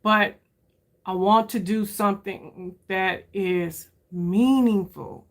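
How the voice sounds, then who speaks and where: Taking it slowly, a woman in her 50s who makes beauty content chats casually and openly with her audience, searching as she talks. She frequently says "y'all" and lifts her pitch to stress points.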